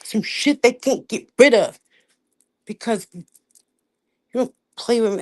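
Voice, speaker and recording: A woman hosting a livestream in a casual rant, profane and emphatic, dropping to low mutters and rising to loud outbursts. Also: measured pace, pauses often, no room sound. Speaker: livestream host.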